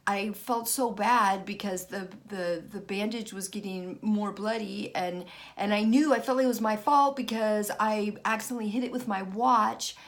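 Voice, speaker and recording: A middle-aged woman vlogging casually, frazzled and frustrated, stopping and restarting her sentences. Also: mid-range voice. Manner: frazzled, halting, many restarts. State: worn out and frustrated. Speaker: vlogger and author. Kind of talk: casual personal vlog.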